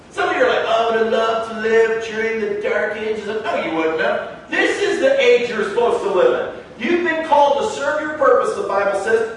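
A man's voice: very high voice, a little hiss or hum. A man preaching a sermon in a church, emphatic and conversational. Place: church sanctuary. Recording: echoey room heard from a distance.

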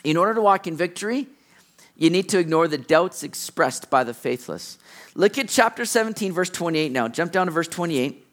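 A middle-aged male pastor preaching a sermon, animated, acting out the lines of the characters in the story he tells. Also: fairly high pitch, normal speed.

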